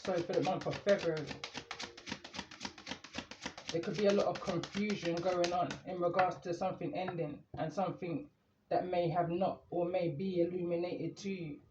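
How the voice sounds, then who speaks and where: A man doing a calm, meandering tarot reading, reading the cards aloud as he draws them. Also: high voice, normal speed, background noise. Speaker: tarot reader. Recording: echoey room, muffled lo-fi sound.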